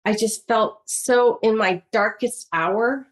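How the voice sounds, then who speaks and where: A middle-aged woman guest telling a personal story in a podcast interview, animated and full of fillers and restarts. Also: a little high, slow. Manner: animated storytelling, acts out voices in quotes. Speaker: guest author.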